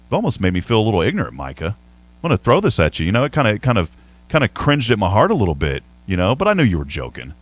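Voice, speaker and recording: A man's voice: lowish voice, huge pitch swings, quick pace, no echo. A man with a Southern accent, hosting a sports radio show in a chatty, rambling way with playful ribbing. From Texas. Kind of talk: casual sports talk.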